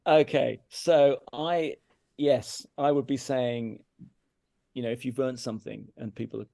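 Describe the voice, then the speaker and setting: A middle-aged man from England talking candidly in an interview, earnest and emphatic, often circling back on his words and turning self-critical. His voice has a gravelly edge and a warm, mellow tone. The sound is close and dry. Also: mid-range voice, fairly even intonation, a little slow, no room sound. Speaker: interview guest, brass teacher. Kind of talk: candid conversational storytelling. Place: farmhouse room.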